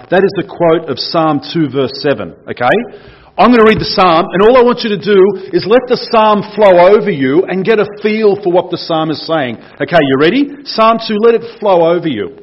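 A man's voice: a little high, animated, a little fast, dull audio. A man preaching a casual sermon in church, explaining a passage, reading it aloud and putting questions to the congregation.

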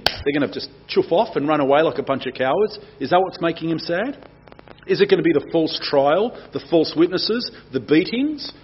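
A man preaching, reading scripture aloud and acting out the quoted lines with big swings in pitch and loudness. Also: slight background noise. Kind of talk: sermon with dramatic scripture reading. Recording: dull lo-fi sound.

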